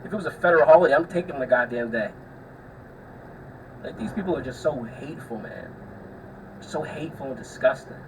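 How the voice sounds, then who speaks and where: A man's voice: medium pitch, animated, a little fast, long pauses. Profane, rambling young man. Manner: profane, rambling storyteller with frequent filler words. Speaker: podcast host. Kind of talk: casual solo storytelling. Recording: distant mic with faint air-conditioner hum.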